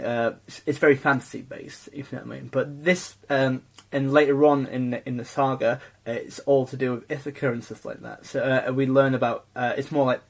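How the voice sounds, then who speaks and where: Male co-host, slightly raspy, mid-pitched, loose rambling delivery. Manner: rambling, many fillers and restarts. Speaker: podcast co-host. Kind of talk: casual chat.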